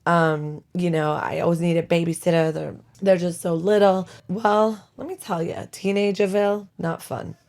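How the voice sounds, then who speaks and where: Chatty single mom with a gravelly voice. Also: female voice, fairly low pitch, steady tone, normal speed, few pauses, a little mellow. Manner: chatty, self-deprecating, laughs often. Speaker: podcast host. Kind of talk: casual chatty podcast monologue. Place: her bedroom at home. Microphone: home podcast mic.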